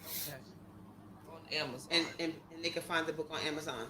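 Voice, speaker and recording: A man's voice: on the high side, fairly even intonation, fast talker, background noise. A man co-hosting an interview show, giving short, encouraging reactions. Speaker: co-host. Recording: roomy echo.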